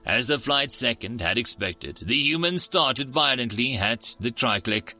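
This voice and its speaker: A man narrating a story in a steady storybook reading. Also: mid-range voice, measured pace, soft background music.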